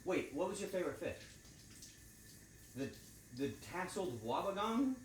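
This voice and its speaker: Crude, animated male streamer in an echoey kitchen. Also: sits high, moderate pace, slight background noise. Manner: crude, joking, animated banter with chat. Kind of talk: casual livestream chat while cooking. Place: home kitchen.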